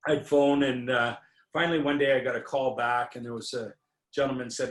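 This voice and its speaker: A man's voice: medium pitch, fairly even intonation, fairly quick. Winery guy rambling thru a story w lots of uhs, echoey room. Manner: rambling, with many fillers and restarts. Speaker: winery owner, interview guest. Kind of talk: anecdotal storytelling in a conversation. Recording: roomy echo.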